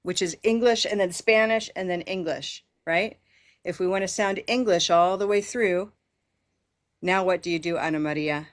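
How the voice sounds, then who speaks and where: An American woman leads an online pronunciation class. She models each phrase slowly and cheers her learners on, in a slightly low voice over a video call. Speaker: pronunciation teacher.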